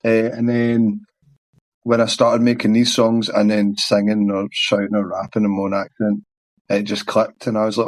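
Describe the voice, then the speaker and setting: A man's voice: fairly low pitch, monotone, moderate pace, no echo. A man with a thick Glaswegian accent answering interview questions in a rambling, frank way, swearing casually. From Scotland. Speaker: band's singer.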